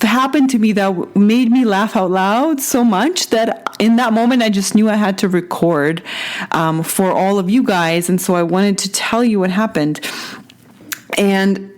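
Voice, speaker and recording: A woman's voice: mid-range voice, darkish tone. Chatty woman podcaster from Russia. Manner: chatty, self-correcting, laughs at herself. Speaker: podcast host. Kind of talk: casual solo podcast storytelling.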